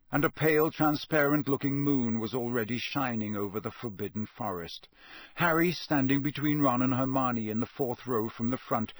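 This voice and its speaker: Man, audiobook narrator, measured reading, mid pitch, dry close mic. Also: no echo. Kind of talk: scripted narration.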